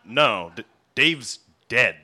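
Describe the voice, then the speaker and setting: A man's voice: medium pitch, lively intonation, very slow, exaggerated voice. A man playing a hesitant, stammering young sidekick in a comedy audio drama. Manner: hesitant and stammering, bursts into yelling. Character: nervous dim young sidekick who can turn day into night.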